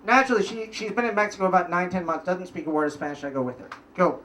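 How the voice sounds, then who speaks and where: A man telling a wry, casual personal story at a live story slam, pausing for punchlines. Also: sits high, bright, forceful tone, recorded from a distance, slight background noise. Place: live event stage.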